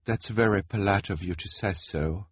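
A man voicing a shy, sad young woman who sighs and talks in a soft, self-pitying way. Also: sits low, moderate pace, breathy edge, no room sound. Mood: mournful.

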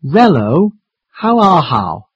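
A reader voicing an old male monster grandfather who garbles his English, in a breathy voice in a dull, dry recording. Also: mid-range voice, very animated, slow pace, no room sound, heavily acted. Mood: muddled. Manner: garbles words.

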